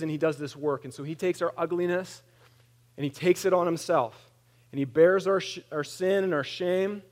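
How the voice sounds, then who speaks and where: A man in his thirties preaching a conversational sermon, animated and plain-spoken, with wry humor. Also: on the high side. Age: 30s. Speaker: pastor.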